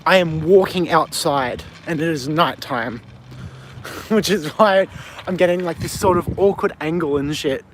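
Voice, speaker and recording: Out on a windy street after dark, an Australian man livestreams through his phone mic, reading viewer comments aloud and replying to them. He speaks a little slowly in a fairly high voice, and there's slight background noise.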